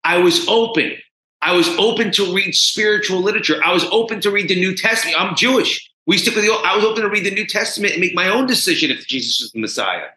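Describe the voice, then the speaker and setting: A man from New Jersey, a podcast guest, telling his story in an animated, emphatic way. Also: high-pitched, quick pace. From New Jersey, USA. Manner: animated, emphatic, swinging between hushed and loud. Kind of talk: casual storytelling. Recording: roomy echo.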